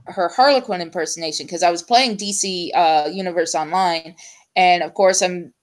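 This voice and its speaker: A woman's voice: on the low side, steady tone. Chatty woman host, lots of ums. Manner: chatty, full of ums and trailing pauses. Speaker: show host. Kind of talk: casual chat.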